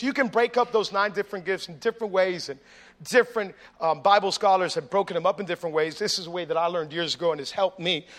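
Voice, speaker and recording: High-pitched, bright-voiced male preacher. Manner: builds to loud emphatic preaching; conversational storytelling with audience asides. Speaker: pastor. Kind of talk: sermon.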